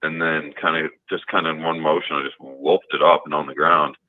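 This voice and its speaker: A man's voice: extremely low pitch, level tone, brisk. A man calling in to a talk show, telling a personal story in a rambling way, full of fillers and restarts. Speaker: caller. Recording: tinny phone line.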